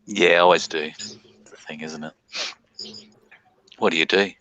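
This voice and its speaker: A man's voice: low voice, steady tone, moderate pace, sharp tone, dry recording, low-quality recording. A man hosting a casual live-stream panel chat, telling profane stories and laughing as he talks. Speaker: panel host.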